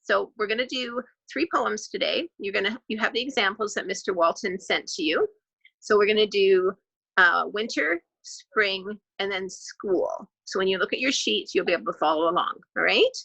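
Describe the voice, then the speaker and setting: A woman teaching a grade two class in an online lesson, clapping out syllables slowly and clearly. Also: medium pitch, lively intonation, pushed and bright, low-quality recording.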